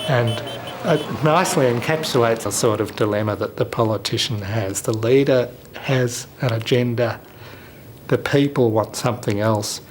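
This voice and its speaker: A man offers reflective, analytical commentary in a documentary interview. His pitch sits at an ordinary middle level. Clear outdoor noise runs behind him. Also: normal speed.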